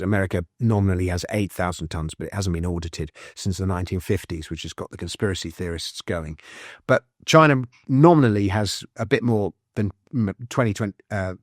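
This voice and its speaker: A man, speaking as a guest author in a casual interview, chatty and explaining with quick restarts and asides. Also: lowish voice, no echo, studio quality. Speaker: author and financial commentator, guest.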